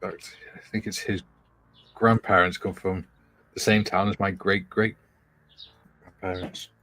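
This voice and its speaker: Very deep-voiced man with dry humour. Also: measured pace, soft background music. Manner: relaxed, dry humour, thinks aloud. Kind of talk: casual chat.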